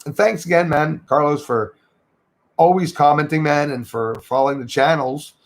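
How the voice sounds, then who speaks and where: A slightly high-voiced man hosts a livestream at normal speed. He chats in a relaxed, rambling way, reading out what viewers comment and greeting them by name.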